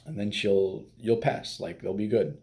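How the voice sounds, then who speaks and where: A man's voice: lowish voice, unhurried, a little mellow. A man giving casual dating advice as a coach, blunt and profane, with many fillers.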